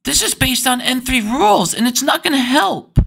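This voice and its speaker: A man's voice: extremely high pitch, animated, moderate pace, vocal fry, sharp tone, husky, voice pushed up, exaggerated voice. A man putting on a mocking, whining voice as a complaining male bank spokesman. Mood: mocking whine. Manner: mocking, nasal whining sing-song.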